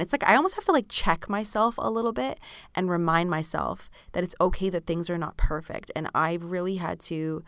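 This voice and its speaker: A woman's voice: lowish voice, a little fast, fairly bright tone, dry recording. A tired woman in her thirties hosting a podcast and answering listener questions in a padded studio, chatty and frank, swearing freely and laughing often. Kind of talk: candid casual chat. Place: small padded studio room.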